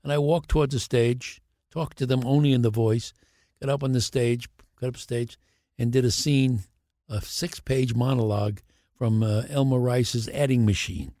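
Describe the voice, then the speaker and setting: Older male actor guest, animated raconteur, plays every part in his anecdotes, mid-pitched voice, dry close sound. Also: normal speed, no room sound. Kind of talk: podcast interview storytelling.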